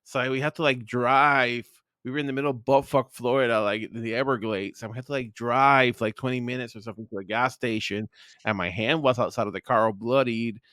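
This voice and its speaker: A man hosts a casual podcast chat and tells crude, rambling stories packed with filler words. His voice sits at a middle pitch and sounds close and dry, with no room echo. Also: fairly quick. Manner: animated, pitch rising when excited. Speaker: podcast host.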